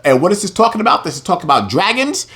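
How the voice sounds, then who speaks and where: A man's voice: high-pitched, racing. A man teaching from scripture, reading verses aloud and breaking into heated, emphatic commentary. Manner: animated, emphatic, swings between reading and loud preaching. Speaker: religious teacher.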